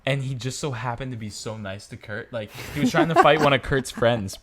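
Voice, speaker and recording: A man's voice: medium pitch, a little fast, a crowd in the background. A young man co-hosting a podcast, telling stories in casual chat and acting out the people he quotes. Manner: lively, acts out quotes loudly. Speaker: podcast co-host.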